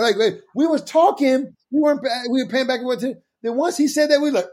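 A man co-hosting a church podcast, telling funny stories in an animated, laughing way. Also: a little fast. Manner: animated, bursts into high laughing shouts. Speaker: podcast co-host, pastor. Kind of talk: casual storytelling chat.

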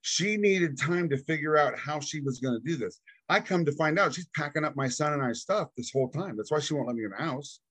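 A man guest on a podcast, telling a personal story in casual, animated talk and acting out what people said. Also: fairly high pitch, a little fast, hardly any pauses, slightly rough, no room sound. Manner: animated, acts out quoted dialogue; casual, says "dude".

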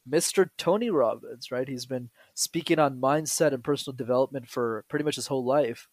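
Guy on a podcast, super animated, acts out little voices in his stories, mid-pitch, dry close sound. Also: brisk, no room sound. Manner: animated storyteller who acts out quoted voices. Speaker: guest speaker. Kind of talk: conversational podcast interview.

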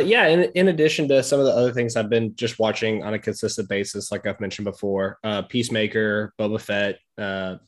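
Low-voiced easygoing man. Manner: easygoing, hesitant with uh's. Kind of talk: casual chat.

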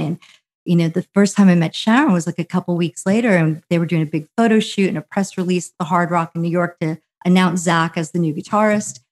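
A middle-aged woman from New Jersey telling a long story as a guest, animated and full of fillers, acting out other people's quotes. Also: on the low side, fairly quick, breathy edge. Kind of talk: casual anecdotal storytelling.

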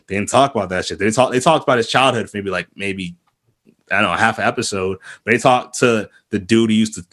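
A man from the area hosting a podcast, ranting in casual chat with lots of restarts and swearing. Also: on the low side. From Boston area. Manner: animated, heated, many restarts and profanity. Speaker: podcast host.

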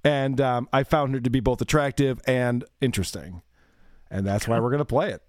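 A man's voice: medium pitch, moderate pace, a little mellow, no echo, studio quality. A man hosting a podcast, chatting casually, laughing easily and adding wry asides to listener messages. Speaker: podcast host.

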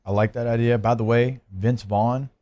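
A man co-hosting a casual sports podcast who talks in a relaxed, steady, analytical way. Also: mid-range voice, normal speed. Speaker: podcast co-host.

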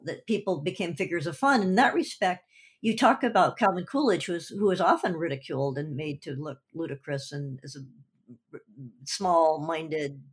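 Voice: mid-range voice, husky. An interviewer asking questions eagerly and stumbling over the openings of sentences. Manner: eager, stammering restarts.

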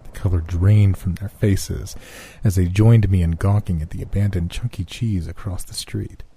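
A man narrating a scripted horror story in a measured, hushed storytelling manner on a close mic. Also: deep voice, steady tone, husky.

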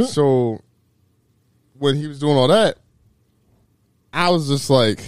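A young man co-hosting a podcast, telling a story in a lively, animated way, jumping into high voices for the people he quotes and laughing mid-sentence. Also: takes it slowly, long pauses, clear, resonant tone, dry recording, clean studio sound. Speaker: podcast co-host. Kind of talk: casual storytelling chat.

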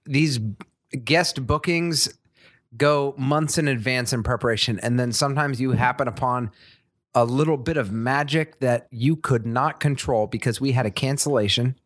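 A man co-hosting a podcast, introducing the episode in a joking, animated way. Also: medium pitch, moderate pace, no room sound, studio quality. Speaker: podcast co-host. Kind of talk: casual chat.

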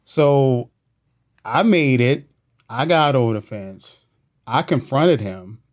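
A man's voice: mid-range voice, animated, takes it slowly. A man, a police officer, telling a tense story in a casual studio interview, full of slang and quoted voices. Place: podcast studio.

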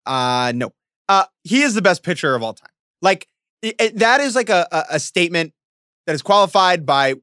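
A man's voice: high-pitched, animated, normal speed, bright, forceful tone, smooth, dry recording, studio quality. A young man co-hosting a podcast in casual chat, enthusiastic and rambling, often restarting his sentences. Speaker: podcast co-host.

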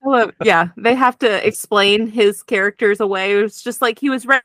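A woman co-hosting a casual movie podcast, talking in a lively, playful way. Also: mid-range voice, a little slow, no room sound, studio quality.

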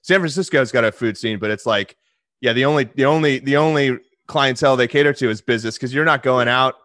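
A man's voice: medium pitch, fast talker, fairly bright tone, dry recording, clean studio sound. A man chatting casually as a podcast guest, rambling with lots of restarts and fillers. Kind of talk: casual chat.

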